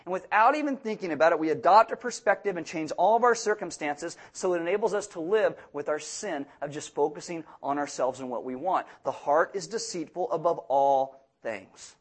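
A young man preaching a sermon, joking and acting out quoted people in animated voices. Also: a little high, brisk, hardly any pauses. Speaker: pastor.

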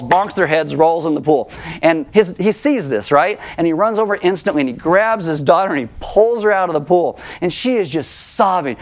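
A man preaching a sermon as pastor, conversational and self-deprecating, slowing down for emphasis. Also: on the high side, lively intonation.

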